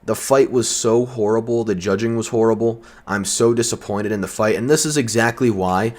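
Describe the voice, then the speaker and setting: A man's voice: on the low side, moderate pace, darkish tone. A man delivering a heated, profane and sarcastic vlog rant. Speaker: vlogger. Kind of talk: ranting commentary.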